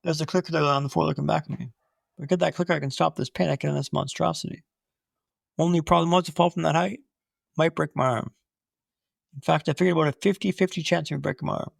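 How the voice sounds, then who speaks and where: A young man telling his own story in an animated way, with punchy short phrases. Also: fairly high pitch, fast talker, creaky, no room sound, studio quality.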